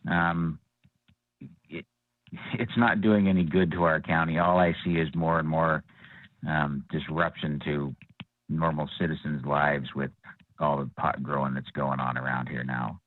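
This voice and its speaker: A man's voice: extremely low pitch, level tone, measured pace, no room sound. A man from Northern California phoning in a hesitant public comment with many ums and restarts. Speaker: caller giving public comment. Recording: dry tinny phone line.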